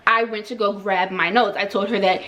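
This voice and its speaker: A woman's voice: mid-range voice, fairly even intonation, moderate pace, a bit bright. A young woman, a hairstylist, telling a story in a casual, chatty way with lots of "like" and repeated phrases. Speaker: hairstylist and vlogger.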